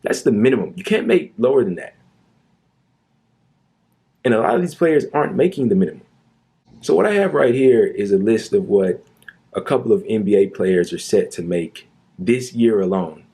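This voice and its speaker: A man rants through a commentary monologue in a low, husky, mellow voice. He sounds indignant and sarcastic and leans hard on his points by repeating them. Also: animated, normal speed, long pauses. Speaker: commentary youtuber.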